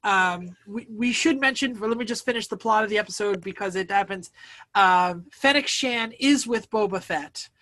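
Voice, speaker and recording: A man's voice: high voice, normal speed, pushed and bright. A man hosting a casual podcast chat, recapping a plot at length and stopping to explain the background. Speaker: podcast host.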